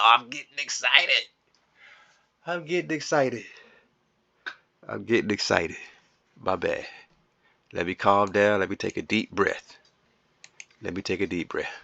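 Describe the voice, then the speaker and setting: A man with a low, gravelly voice gives excited commentary on a strategy game, rambling and calling out to his audience. His tone is forceful and pushed, and the sound is dry and close. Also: dry recording.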